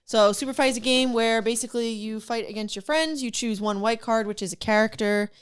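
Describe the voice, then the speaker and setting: A woman's voice: fairly high pitch, brisk, clear, resonant tone. A young woman co-hosting a podcast, chatting casually and giggling, rambling with lots of fillers. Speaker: podcast co-host. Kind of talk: casual chat.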